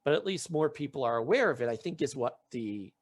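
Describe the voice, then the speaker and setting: Animated man with a lively, swooping voice. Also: medium pitch, brisk. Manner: animated storytelling, acting out quotes; frequent restarts while recounting. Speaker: podcast host. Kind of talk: casual chat.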